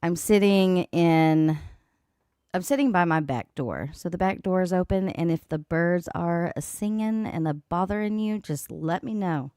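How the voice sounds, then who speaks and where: A woman's voice: fairly low pitch, unhurried, dark tone, clear, resonant tone, dry recording, studio quality. A woman hosting a casual livestream from home beside an open back door, chatting and greeting viewers by name. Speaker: livestream host. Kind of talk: casual live chat. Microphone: desk microphone.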